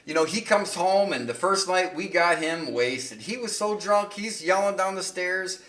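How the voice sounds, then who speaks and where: A middle-aged man on a podcast tells long, rambling, profane stories in a casual chat, laughing at his own tales. His voice is high-pitched and a bit bright at a moderate pace. He's recorded from a distance, away from the mic, so the sound is roomy.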